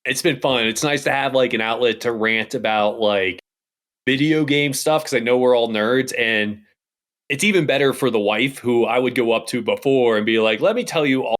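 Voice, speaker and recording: A man's voice: medium pitch, normal speed, a bit bright. Rambling, chatty man co-hosting a show. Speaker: co-host. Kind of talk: casual chat.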